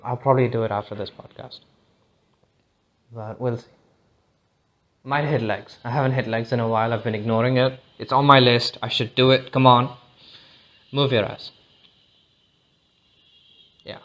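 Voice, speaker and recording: A man talks alone on a podcast, thinking out loud. He drifts from thought to thought, cursing freely and stumbling into restarts as he goes. The tone is a loose, unscripted chat. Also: mid-range voice, steady tone, moderate pace, pauses often, lo-fi sound. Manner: rambling, profane, restarts often. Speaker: podcast host. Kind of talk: casual solo podcast monologue. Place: lives in India.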